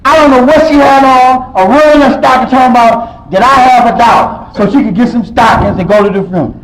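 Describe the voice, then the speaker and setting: A man sharing his personal story at a recovery meeting, telling it with emotion, swinging from loud outbursts to quiet low stretches. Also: fairly quick, rough recording. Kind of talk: personal testimony.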